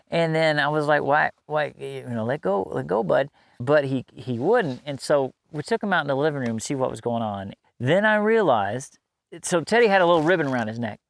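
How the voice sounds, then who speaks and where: A man's voice: a little high, dry recording. A middle-aged man telling a personal story in a casual, conversational way, laughing often and restarting his sentences.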